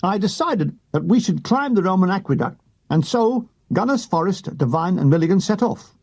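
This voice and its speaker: Husky, lively male audiobook narrator. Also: high voice, moderate pace. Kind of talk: audiobook reading of a comic war memoir.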